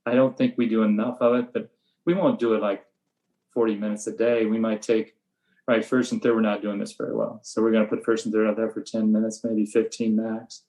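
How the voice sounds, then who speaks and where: An older man and veteran baseball coach talks through his practice methods in a relaxed interview, matter-of-fact, and now and then he acts out the blunt lines he says to his players. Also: on the low side, a little fast, low-quality recording. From USA. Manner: flat, matter-of-fact storytelling, acting out his own sharp coaching lines. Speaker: high school baseball coach.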